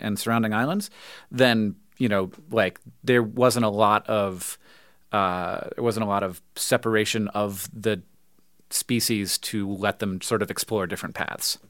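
A man's voice: fairly low pitch, a bit bright, no room sound, clean studio sound. A man co-hosting a podcast, chatting casually with lots of fillers and laughs, then reading ads. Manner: rambling, filler-heavy, laughs often. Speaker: podcast co-host. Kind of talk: casual chat and ad reads.

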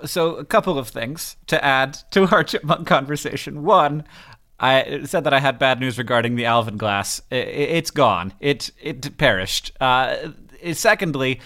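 Male podcast co-host, middle-aged, goofy deadpan humor, rambly, mid-pitched voice. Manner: goofy deadpan jokes, rambling with many restarts. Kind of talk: casual banter and listener Q&A.

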